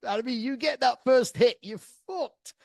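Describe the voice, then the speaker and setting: A man telling a sweary comic travel story to his listeners, excitable, laughing often and swearing freely. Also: extremely high pitch, measured pace, no echo. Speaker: podcast storyteller.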